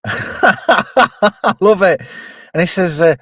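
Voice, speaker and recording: A man's voice: high-pitched, animated, extremely slow, long pauses, a bit bright, slightly rough, no room sound, studio quality. A middle-aged man, giving jokey, casual commentary on a film and reading out chat messages. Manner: chatty, jokey, quotes characters in put-on voices. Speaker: host.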